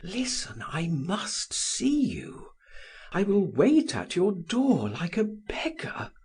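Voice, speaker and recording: A male narrator voicing a passionate young man who pleads in a raised, breathy voice. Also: sits high, huge pitch swings, takes it slowly, a little mellow, pitched above the performer's own voice, heavily acted. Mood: pleading.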